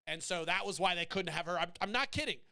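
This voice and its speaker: A man with a high, bright, clean voice rants about politics, swearing freely and meaning to provoke. He drifts off on tangents and pulls himself back with a shrug. His delivery is blunt and unapologetic. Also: animated, quick pace, vocal fry. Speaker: podcast host. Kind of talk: profane political rant.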